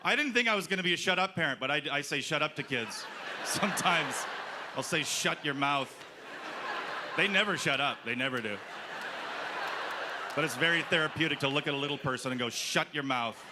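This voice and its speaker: Stand-up comic with a higher voice. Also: male voice, animated, fast talker. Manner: storytelling, acts out quoted lines. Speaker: stand-up comedian. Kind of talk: stand-up comedy set. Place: comedy festival stage. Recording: live club with crowd and noise. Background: audience laughing.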